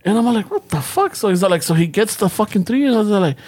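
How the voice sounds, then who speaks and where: Play a man chatting on a casual podcast, telling a story with plenty of animation. Keep the voice high for a man, drop into Spanish slang mid-sentence and swear freely. Give each quoted person a quick character voice. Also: darkish tone.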